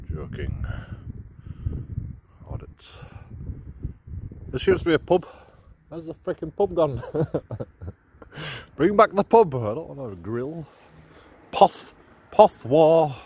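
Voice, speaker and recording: A man's voice: mid-range voice, sing-song, slow, pauses often, darkish tone, a little hiss or hum. A man, walking outdoors and giving mocking commentary to his phone camera while laughing at his own jokes. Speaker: vlogger. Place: outdoors on city streets.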